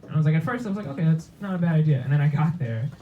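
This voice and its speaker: A young adult man performing a stand-up comedy set on a club stage, jumping into high-pitched voices for the characters in his stories. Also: lively intonation, racing, phone-quality sound. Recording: noisy club recording.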